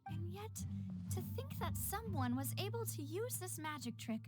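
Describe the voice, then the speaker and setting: A woman's voice: very high-pitched, sing-song, moderate pace, a little mellow, faint music behind. A woman voicing a thoughtful young woman investigator in a video game, speaking earnestly.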